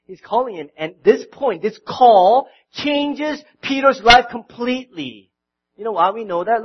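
A man preaching a sermon, swinging from loud outbursts to quiet, intimate passages and often repeating his words. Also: on the high side, lo-fi sound. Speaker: pastor.

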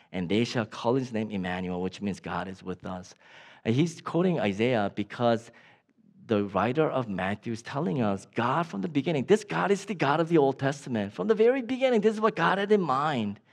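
A man preaching a sermon as a pastor in a church, with many restarts and acted-out quotes, climbing high when excited and dropping low and soft.

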